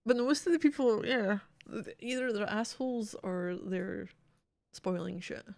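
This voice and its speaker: A woman streams a video game and chats casually with her viewers. She talks bluntly, and her speech is full of swearing. Her voice sits at a middle pitch. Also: animated, measured pace, creaky, darkish tone, no echo. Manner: blunt, profane and chatty. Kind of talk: casual livestream commentary.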